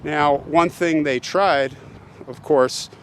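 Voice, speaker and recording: Man vlogging at a cemetery, slow earnest storytelling, slightly high voice, faint outdoor noise. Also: fairly bright tone. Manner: slow, earnest retelling with pauses and restarts. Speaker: host.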